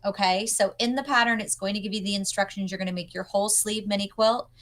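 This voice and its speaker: A woman's voice: mid-range voice, steady tone, fast, a bit bright. A young adult woman demonstrating a sewing pattern over a video call, upbeat and chatty as she teaches step by step. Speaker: pattern designer guest.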